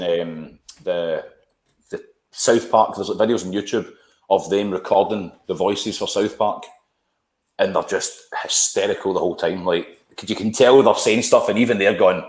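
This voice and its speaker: A man's voice: low voice, normal speed, roomy sound. A man chatting casually as podcast co-host, rambling and repeating words. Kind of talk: casual chat.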